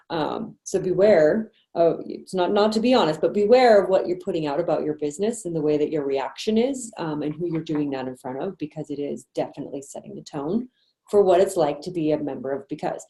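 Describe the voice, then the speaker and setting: Casual, encouraging woman trainer with a low, mellow voice in a roomy space on a video call. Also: expressive. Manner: chatty, encouraging, quick asides and laughs. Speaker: sales manager and trainer. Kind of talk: online sales training meeting.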